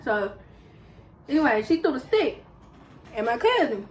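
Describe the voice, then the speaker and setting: A young woman vlogger, telling a story in a casual, animated way while eating on camera. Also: sits high, a little slow, rough recording. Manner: lively, animated retelling with acted quotes. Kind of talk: casual storytelling during a mukbang.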